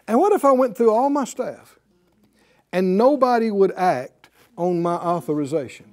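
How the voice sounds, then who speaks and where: Animated high-voiced male preacher. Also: moderate pace. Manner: animated preaching with rhetorical questions to the congregation. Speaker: pastor. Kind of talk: sermon.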